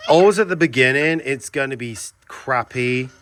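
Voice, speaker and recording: A man's voice: mid-range voice, normal speed, fairly bright tone, a little hiss or hum. A man from England with an English accent, a video transfer shop owner talking bluntly and chattily in a casual vlog from his shop at night. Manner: blunt, chatty, ranting asides.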